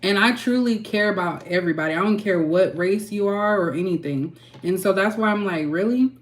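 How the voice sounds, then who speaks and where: A woman tarot reader and channel host, ranting frankly and heatedly to her viewers and clearing her throat often. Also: medium pitch, brisk. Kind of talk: candid ranting vlog.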